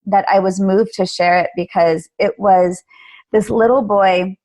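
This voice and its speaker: Woman guest, mid-pitched voice, lively storytelling, conversational. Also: a little slow. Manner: animated storyteller. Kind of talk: conversational interview.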